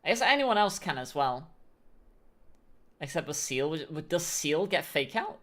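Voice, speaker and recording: A woman's voice: low voice, big pitch swings, normal speed. A woman streaming a game, chatting casually and thinking aloud as she plays.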